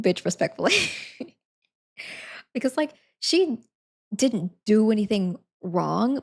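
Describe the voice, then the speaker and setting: A woman's voice: mid-range voice, vocal fry, darkish tone. A woman in her twenties telling a story casually on a live stream, rambling with lots of fillers. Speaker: livestreamer.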